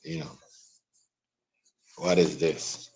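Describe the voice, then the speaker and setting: A young man, live-streaming a heated, repetitive rant that swings from loud outbursts to low mutters. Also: steady tone, extremely slow, slight background noise, low-quality recording. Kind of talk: ranting live-stream commentary.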